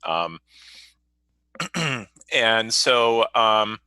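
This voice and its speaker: A man, a software developer, explaining a technical problem in a meeting, hesitant and full of fillers. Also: on the low side, expressive, very slow, smooth, no echo, low-quality recording. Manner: hesitant, many fillers and restarts.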